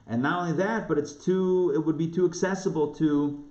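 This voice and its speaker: This rabbi, teaching a live online class, speaks at a normal speed in a voice on the high side, fairly even in intonation and a little mellow. His Torah lesson is casual and conversational, with questions for his listeners. The room echoes and the sound is dull and lo-fi.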